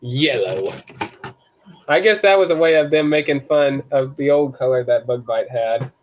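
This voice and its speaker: Casual male chatter, lively and quick to laugh, slightly high voice, muffled lo-fi audio. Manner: animated, laughs often, puts on quick character voices. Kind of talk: casual chat. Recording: dull lo-fi sound.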